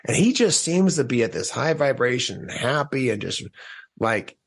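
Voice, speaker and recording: A man guest on a podcast telling a candid personal story in an animated way, acting out his own past thoughts with restarts and quick laughs. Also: medium pitch, vocal fry.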